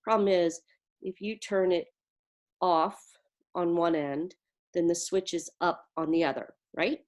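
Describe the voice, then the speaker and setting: A woman's voice: on the low side, fairly even intonation, unhurried, darkish tone. A woman giving an earnest, vivid personal account on a video call. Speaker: interviewee.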